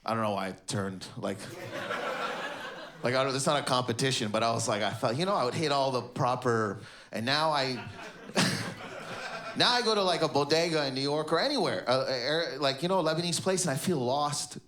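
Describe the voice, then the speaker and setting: A man from Canada doing stand-up comedy in a clothing store, animated and laughing through his lines. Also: medium pitch, normal speed, a crowd in the background. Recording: echoey store with background noise.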